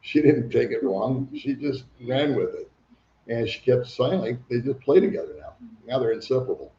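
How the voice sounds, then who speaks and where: A man's voice: medium pitch, normal speed, creaky, dark tone. An older man hosting a casual livestream, chatting and reading viewer comments aloud. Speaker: livestream host. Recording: echoey room, dull lo-fi sound.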